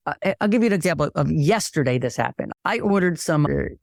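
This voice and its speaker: Animated male podcast guest, dry sound. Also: fairly high pitch, fast talker, creaky, dry recording. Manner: animated storyteller acting out dialogue. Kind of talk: casual conversation.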